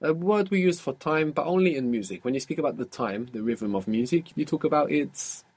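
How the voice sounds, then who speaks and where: A man's voice: fairly high pitch, expressive, fairly quick, a little mellow, husky. A man teaching a guided language lesson, patiently explaining step by step and quizzing his student.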